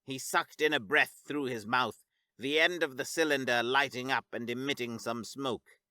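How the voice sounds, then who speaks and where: A man narrating a scripted science fiction story in a steady, even storytelling read. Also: medium pitch, moderate pace, no room sound.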